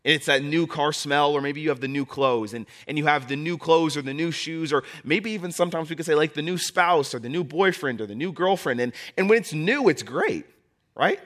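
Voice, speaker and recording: A man's voice: on the high side, brisk, a bit bright. A young man preaching a sermon as pastor, repeating key phrases and building toward impassioned preaching.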